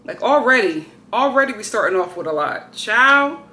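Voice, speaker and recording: A woman's voice: medium pitch, lively intonation, fairly quick, bright, forceful tone. A woman vlogging casually at home, exclaiming and grumbling to her viewers as she unboxes something. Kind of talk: casual vlog chat. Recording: roomy echo, faint ambience.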